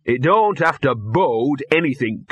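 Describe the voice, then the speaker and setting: A man's voice: medium pitch, expressive, a little slow, a bit bright, breathy edge, highs cut off, pitched above the performer's own voice. A man voicing a streetwise talking mongrel dog who is gloomy and sardonic and speaks in a blunt, slangy, grumbling way. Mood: ominous.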